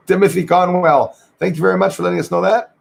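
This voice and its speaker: A man's voice: high-pitched, steady tone, fairly quick, gravelly. A man hosting a casual livestream, chatting with viewers, greeting them by name and often saying "eh". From Canada. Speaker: livestream host.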